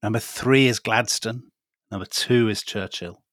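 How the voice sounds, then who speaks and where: A middle-aged man co-hosting a podcast, chatting in a measured, wry way and thinking aloud with pauses. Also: fairly low pitch, fairly bright tone, dry recording, studio quality. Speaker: podcast co-host. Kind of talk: casual chat.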